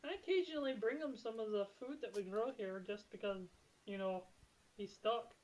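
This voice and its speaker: A woman voicing a proud, smug male farmer who boasts and whispers secrets, at a middle pitch. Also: moderate pace, darkish tone, lightly acted, poor audio. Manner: boastful and conspiratorial.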